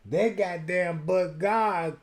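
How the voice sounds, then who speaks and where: A man streaming a casual reaction commentary, loud and profane, who slips into sung bits and mock voices. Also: high voice, takes it slowly. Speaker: streamer host.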